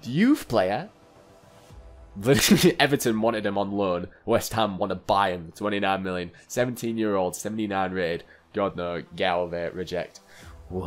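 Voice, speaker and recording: Young man, lowish voice, chatty, joking, game commentary, faint music behind. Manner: chatty, joking, talks to the game players, laughs often. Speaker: gaming YouTuber. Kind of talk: casual gameplay commentary.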